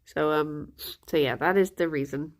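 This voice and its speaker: A young woman hosting a livestream chats casually with her viewers in a low voice at a normal pace. She rambles and giggles, sounding a little congested.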